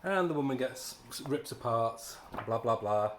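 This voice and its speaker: A man's voice: medium pitch, expressive, a little slow, slight background noise. A man giving a casual spoken comic book review, ranting in a sarcastic, exasperated way. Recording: echoey room.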